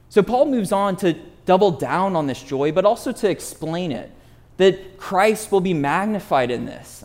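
A man with a notably high voice preaching an expository sermon. He speaks earnestly, leans hard on key words and slows down to stress the verses he quotes, turning now and then to ask his listeners direct questions. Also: a little mellow.

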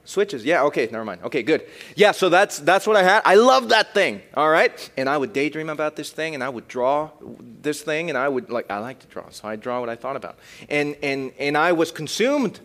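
A young man preaching a youth sermon, shifting between loud emphatic bursts and quiet, reflective passages. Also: on the high side, animated, fairly quick. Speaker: youth pastor.

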